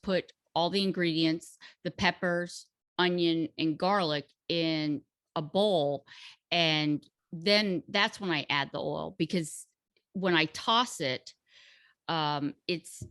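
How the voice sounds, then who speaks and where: Slow-talking woman explaining a recipe. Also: on the low side, a bit bright, no echo, studio quality. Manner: unhurried, hesitant with fillers, laughs easily. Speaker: guest cook sharing a recipe. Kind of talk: casual recipe chat.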